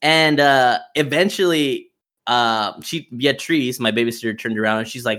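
A man casually telling a story, animated, swearing freely and acting out the people he quotes. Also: mid-range voice, normal speed.

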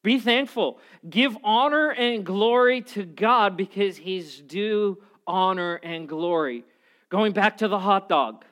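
A man preaching a sermon as a pastor, telling stories in an animated, conversational way. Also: sits high, slow pace.

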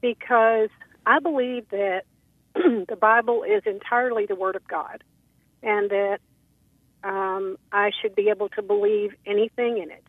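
A woman from Texas calling in to a radio talk show, polite and a little hesitant with frequent ums. Her voice comes through a tinny phone line at a middle pitch, sounding dry. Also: fairly even intonation, measured pace, no echo. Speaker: caller. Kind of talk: call-in radio conversation.

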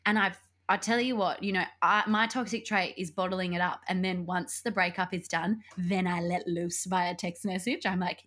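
Chatty woman, animated storyteller. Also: fairly low pitch, normal speed. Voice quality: animated, laughs often, acts out quoted voices. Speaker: podcast co-host. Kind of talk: casual chat, storytelling.

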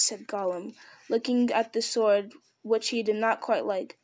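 A woman reading a fantasy storybook aloud, unhurried, with small slips and restarts. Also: on the high side, steady tone, darkish tone. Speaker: reader.

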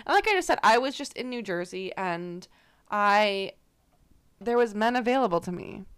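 A woman's voice: mid-range voice, animated, moderate pace, fairly bright tone, clean tone. Giggly, rambling young woman. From Canada. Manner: giggly, rambling storyteller, laughs through words. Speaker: podcast co-host. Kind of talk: casual chat.

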